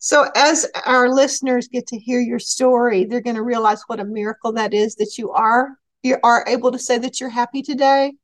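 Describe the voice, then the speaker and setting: A woman with a Texas accent hosting a podcast interview, asking gentle, encouraging questions over a remote call. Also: fairly high pitch, steady tone, moderate pace, few pauses, no echo. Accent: Texan. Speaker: podcast host.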